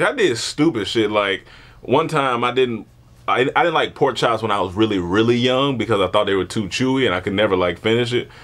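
A man telling a comedic childhood story in casual chat, animated and laughing often, acting out voices. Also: mid-range voice. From born in Germany, grew up partly in Panama.

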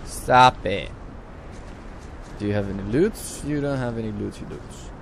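A young man giving casual gameplay commentary who swears a lot and bursts out loudly at sudden mishaps. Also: mid-range voice, a little slow, gravelly, noisy background. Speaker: let's play host.

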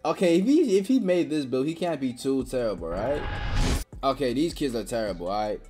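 A young woman giving live gameplay commentary, trash-talking with sudden excited yelps and shouts. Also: very deep voice, brisk, music in the background. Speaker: gaming channel host.

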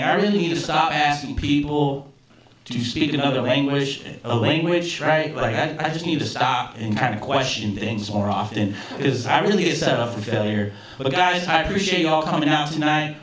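A man's voice: a little high, a bit bright. A man doing a stand-up comedy set on a club stage, telling stories in a casual, profane, self-mocking way. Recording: roomy club sound from a distance, audience laughter.

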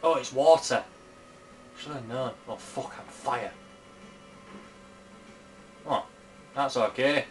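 A young man talks through a game in loose, casual commentary, recorded at home on a camera pointed at the screen. He is chatty and blunt, swears freely and talks straight to the creatures he fights. His pitch sits in a middle range, with a faint hum of room ambience behind him. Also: slow pace, pauses often. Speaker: gamer. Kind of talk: casual let's-play commentary. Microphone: camera filming the screen.

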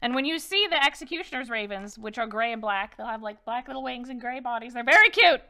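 A woman voicing an ancient, frail female wereraven who is slow, fussy and easily insulted. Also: on the high side, animated, sharp tone. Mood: earnest.

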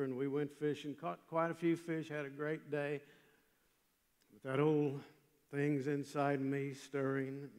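An older man preaching a chapel sermon, telling a story with emphatic swings from loud passages to hushed ones. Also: medium pitch. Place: large chapel. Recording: long hall reverb.

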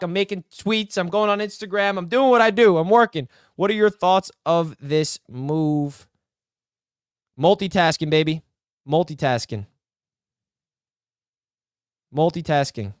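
A man's voice: high-pitched, clean tone, no room sound, clean studio sound. A young man hosting a live stream, reacting to sports news with hyped, rambling chatter aimed at his chat.

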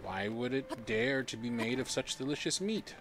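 A man's voice: medium pitch, lively intonation, moderate pace, over music. A young adult man giving casual let's-play commentary, playful and silly, talking to himself and to his chat. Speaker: game streamer.

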